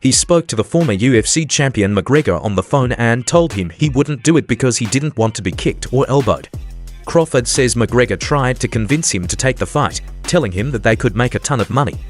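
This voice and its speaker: A man's voice: medium pitch, animated, fairly quick. Man narrating sports news. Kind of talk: scripted narration. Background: faint background music.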